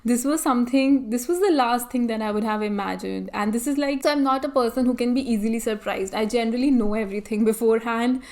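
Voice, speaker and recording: Young adult woman, vlogger, casual storytelling, lively quoted reactions, slightly high voice. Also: fast talker, hardly any pauses. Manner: animated retelling with quoted reactions and laughs.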